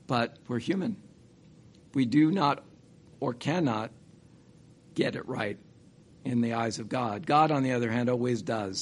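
A man preaches a sermonette in an earnest, searching tone, often pausing to restart a phrase. His pitch sits in an ordinary middle range. A faint noise hums under the recording. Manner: earnest, halting with restarts and rhetorical questions. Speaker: church speaker.

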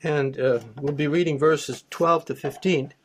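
A man's voice: a little high, fairly even intonation, unhurried, a little hiss or hum. A man teaching a Bible study, reading verses aloud and then explaining them plainly, with small restarts. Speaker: preacher.

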